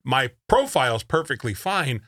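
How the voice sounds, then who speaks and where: A man co-hosting a radio show, telling stories in casual, animated banter. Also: mid-range voice, moderate pace. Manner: animated storytelling. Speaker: radio co-host.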